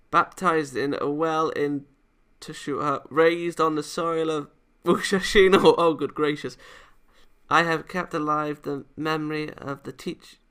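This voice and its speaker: A man's voice: fairly high pitch, fairly bright tone, smooth. A man voicing a blunt, boyish young female karate fighter who scolds and gets flustered. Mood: formal, solemn. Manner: scolding, flustered, calls people idiot.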